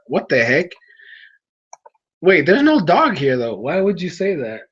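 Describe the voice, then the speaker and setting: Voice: medium pitch, very animated, unhurried, long pauses, a bit bright, breathy edge, highs cut off. A streamer talking casually with viewers late at night, sleepy and yawning, rambling along with frequent restarts.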